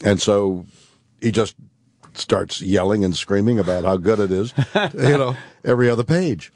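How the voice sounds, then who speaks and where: Deep, husky older man telling anecdotes. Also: a little mellow, dry recording. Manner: halting, anecdotal, with many fillers and restarts. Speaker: guest. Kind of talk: radio talk show storytelling.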